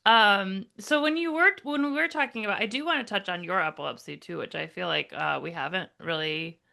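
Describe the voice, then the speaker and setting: A woman's voice: mid-range voice, fairly quick, creaky, pushed and bright. A woman hosting a podcast, chatting casually and asking rambling, loosely phrased questions. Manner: laughs easily, rambling questions. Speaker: podcast host.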